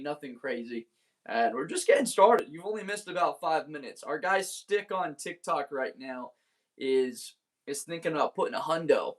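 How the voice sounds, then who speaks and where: A man's voice: on the high side, fairly bright tone. A young man hosting a casual livestream, laid-back and chatty, laughing often and greeting viewers by name. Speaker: livestream host. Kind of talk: casual livestream chat, reading viewer comments.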